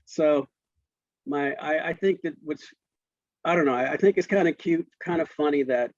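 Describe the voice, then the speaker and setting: A man's voice: a little high, moderate pace, no echo, muffled recording. A man in his fifties, a guest in an interview, telling a casual story with frequent restarts and laughs. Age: 50s.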